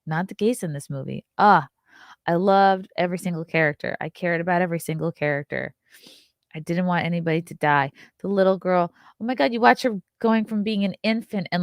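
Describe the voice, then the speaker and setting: A woman giving a casual, joking movie review, acting out the characters' lines in quick little voices. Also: on the low side, no echo, clean studio sound. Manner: animated, jokey, acts out voices of characters.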